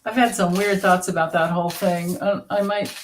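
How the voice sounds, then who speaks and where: A woman's voice: lowish voice, flat delivery, moderate pace, slight background noise. A middle-aged woman hosting a casual tarot livestream, chatting and greeting viewers by name with frequent laughter.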